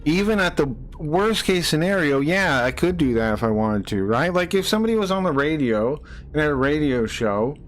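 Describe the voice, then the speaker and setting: A man's voice: a little high, lively intonation, moderate pace. A man streaming live, ranting angrily at people in his chat, swearing and repeating himself. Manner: angry, profane, repeats himself, rising to shouts.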